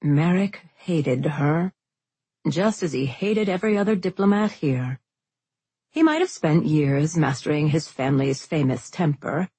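Female audiobook narrator, low and husky, measured; dry studio sound. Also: mellow, no room sound. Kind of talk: scripted fantasy narration.

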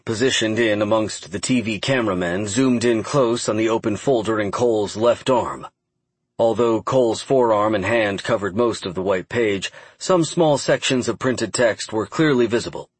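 A man giving steady, measured audiobook narration. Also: lowish voice, breathy edge, no room sound. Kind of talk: scripted narration.

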